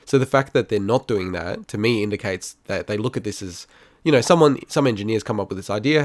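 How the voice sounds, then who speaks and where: A man with a low voice co-hosts a gaming podcast in casual chat. He argues firmly and laughs often. The recording is close and dry. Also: brisk, no echo. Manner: assertive, argues his point, laughs often. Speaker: podcast co-host.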